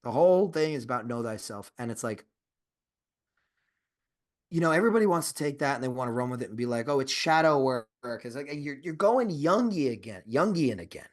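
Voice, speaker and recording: A man's voice: medium pitch, lively intonation, a little fast. A man co-hosting a podcast in casual chat, rambling with restarts and swearing, and turning emphatic and insistent when he argues a point. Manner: rambling, profane, with frequent restarts and fillers. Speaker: podcast co-host.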